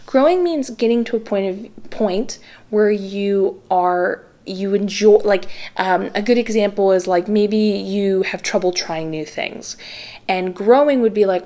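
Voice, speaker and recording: A young woman in the middle of a casual tarot reading, talking earnestly to her viewers. She rambles and hesitates, restarting her sentences and filling the pauses as she searches for words. Her voice sits at an ordinary middle pitch. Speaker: tarot reader.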